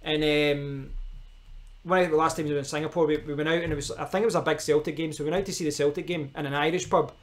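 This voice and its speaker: A man's voice: fairly high pitch, steady tone, fast. A man with a Scottish accent chatting casually on a live stream, rambling and answering viewers' comments as he goes.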